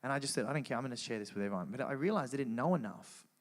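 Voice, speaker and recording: A man giving a personal faith testimony to a live church audience, telling his story earnestly and acting out his own dialogue. He drops quiet in the grave parts and gets loud and excited in the lively ones. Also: mid-range voice, rapid-fire. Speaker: guest speaker at a church event.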